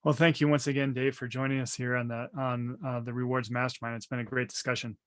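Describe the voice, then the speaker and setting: A man's voice: medium pitch, little pitch movement, fast. A man hosting a podcast interview, affirming his guest and stumbling a little over fillers. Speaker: podcast host.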